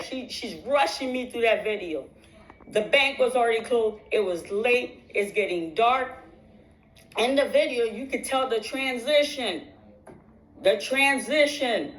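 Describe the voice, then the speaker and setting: A woman's voice: a little high, poor audio. A woman vlogger telling her viewers a long personal story in casual talk. She keeps repeating phrases for emphasis and restarts her sentences.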